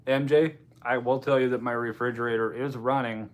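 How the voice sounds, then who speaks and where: Relaxed man chatting with his stream. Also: mid-range voice, a little fast. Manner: relaxed, answering chat comments, yawning. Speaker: livestream host. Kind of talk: casual livestream chat.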